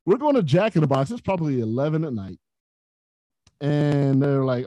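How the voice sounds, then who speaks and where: A man, a podcast guest, telling stories in a casual, animated way, often laughing as he talks. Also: on the high side, normal speed, dry recording. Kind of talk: casual storytelling.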